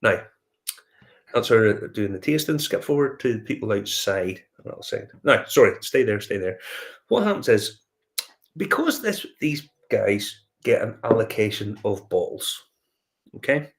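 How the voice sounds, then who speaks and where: A man with a Northern Irish accent chats casually as a whiskey show host, his voice sitting a little low. He tells his stories in a loose, rambling way, stopping for fillers and restarting his sentences. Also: very animated, unhurried. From Northern Ireland. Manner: rambling anecdotal storytelling with many fillers and restarts. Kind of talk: casual chat.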